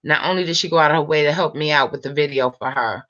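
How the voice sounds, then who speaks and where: A woman of about fifty chatting late at night, telling a long story time in an animated, rambling way with lots of fillers. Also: sits low, fast talker, highs cut off. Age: 50s. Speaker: vlogger.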